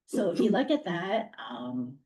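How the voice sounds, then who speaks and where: A woman who runs a preschool speaks at a public meeting, hoarse from losing her voice, earnest and chatty. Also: on the low side, big pitch swings, unhurried, warm tone. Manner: earnest, chatty, laughs lightly. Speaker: preschool director. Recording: distant mic.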